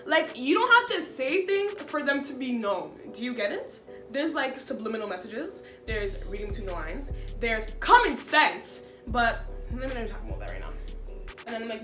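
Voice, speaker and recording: Young woman vlogger, high voice, exasperated storytime, lots of "like", roomy echo. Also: normal speed. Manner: animated, exasperated retelling full of "like". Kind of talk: storytime vlog. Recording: echoey room with faint background music.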